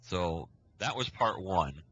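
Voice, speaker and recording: Speaking slowly in a low, expressive, slightly bright voice, a scoutmaster on a casual podcast spins a lengthy tale and performs each character's lines. The audio is lo-fi, with a little hiss or hum.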